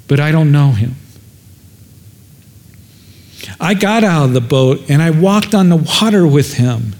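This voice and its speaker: A man's voice: a little high, a little mellow, pitched above the performer's own voice, full character voice. A man voicing the apostle Peter, a frightened grown man insisting over and over that he does not know his teacher, in a raised voice. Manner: pleading, insistent repetition.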